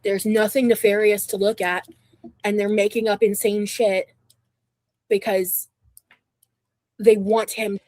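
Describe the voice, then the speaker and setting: A woman's voice: medium pitch, little pitch movement, takes it slowly, long pauses, a little mellow, no room sound. Indignant woman defending herself. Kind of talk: casual livestream talk.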